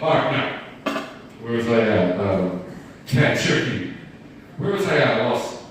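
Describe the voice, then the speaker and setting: This comedian has a mid-range voice with big swings in pitch, and he takes his time, leaving long pauses. He rambles, runs himself down, and trades banter with the audience in a live comedy club. The room recording is distant and spacious, with a bit of background noise.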